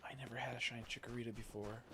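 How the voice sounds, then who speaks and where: A male game streamer with a mid-range voice, talking off the cuff as he plays. He rambles, swears freely and jumps into quick excited reactions. A faint hiss of noise sits under his voice. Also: medium pitch. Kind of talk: casual live-stream commentary while playing.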